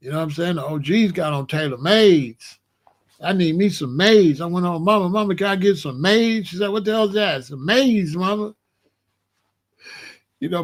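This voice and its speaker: A man tells a story in a loose, chatty way, laughing as he goes. His voice sits fairly high for a man. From Alabama, US. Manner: animated, chatty, laughs often. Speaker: host. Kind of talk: casual storytelling.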